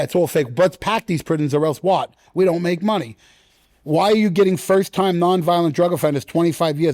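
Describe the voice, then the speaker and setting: Man, middle-aged, fairly high voice, animated storyteller, interview guest, dry close sound. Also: dry recording. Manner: animated storyteller, acts out quotes in loud sudden bursts. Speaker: guest, actor. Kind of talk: casual interview chat.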